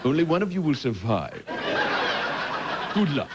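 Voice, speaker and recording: A man's voice: on the high side, sing-song, measured pace. A man putting on a mock-solemn, commanding voice as a man briefing a starship crew. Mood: mock-grave. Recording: loud background noise.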